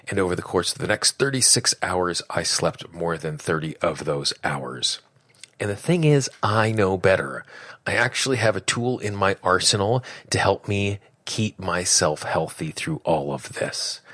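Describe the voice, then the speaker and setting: Low-voiced man with a cold. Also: fairly bright tone, no room sound, clean studio sound. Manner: friendly, direct address to listeners. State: fighting a cold, voice deeper than usual. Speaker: podcast host. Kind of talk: solo podcast talk.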